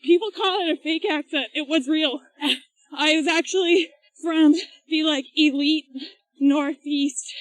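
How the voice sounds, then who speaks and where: A woman's voice: high voice, fairly even intonation, unhurried, no room sound, low-quality recording. A woman co-hosting a podcast, chatting and explaining things at length with laughs while out running. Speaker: podcast co-host. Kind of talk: casual chat while running. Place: outdoors, on a run.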